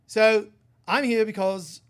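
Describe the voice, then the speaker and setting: Brief: man playing an excited Australian guy, high, loud, insistent. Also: slow, clear, resonant tone. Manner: insistent, emphatic.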